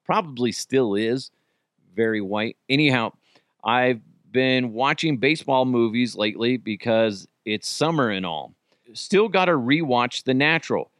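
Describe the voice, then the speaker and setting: A man hosting a comedy podcast, rambling through stories and swearing freely. His pitch jumps all over the place as he talks. He is recorded close and dry, with no room sound. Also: lively intonation, measured pace, a bit bright, dry recording. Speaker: podcast host. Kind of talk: casual comedic monologue.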